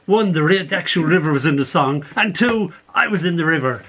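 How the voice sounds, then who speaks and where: Animated older poet, fairly high voice. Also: male voice, a little fast, slight background noise. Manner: animated, laughing storyteller. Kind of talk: poetry reading with anecdotes. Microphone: video call.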